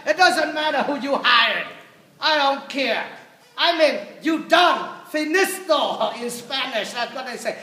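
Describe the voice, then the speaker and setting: Animated priest in an echoey church. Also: male voice, very high voice. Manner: animated storytelling with humor, shifting loud and soft. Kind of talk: homily.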